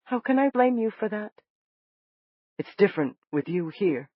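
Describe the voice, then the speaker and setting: A narrator voicing a gentle, hurting young man in an audiobook, speaking softly and earnestly. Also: mid-range voice, lively intonation, moderate pace, dry recording, muffled recording, pitched above the performer's own voice, natural voice. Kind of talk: audiobook character voice.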